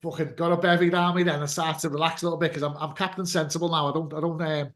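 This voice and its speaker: A man's voice: a little high, level tone, very fast, a bit bright. A man hosting a casual podcast, a chatty storyteller who swears freely and acts out quotes. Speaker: podcast host and DJ.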